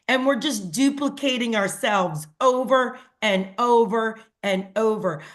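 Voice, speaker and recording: A woman gives a motivational talk to her team in a slightly high voice. She speaks slowly and earnestly, talks straight to her listeners, and acts out the conversations she retells. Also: fairly bright tone. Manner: earnest, addresses listeners directly; acts out quoted dialogue with a raised voice. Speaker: team leader speaking to a sales team.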